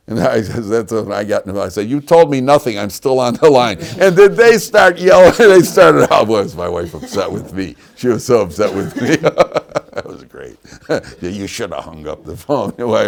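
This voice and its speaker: A rabbi teaching a class, his fairly low voice swinging widely in pitch as he acts out his stories. He speaks in an animated, storytelling way and often breaks into laughter. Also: creaky. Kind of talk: lively classroom lecture with anecdotes. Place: yeshiva classroom.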